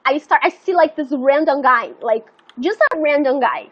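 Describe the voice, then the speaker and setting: Young female streamer, high voice, chatty and rambling, swears freely, slightly muffled audio. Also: normal speed. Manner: rambling and animated, full of "like" and swearing. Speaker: live streamer. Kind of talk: casual storytelling chat.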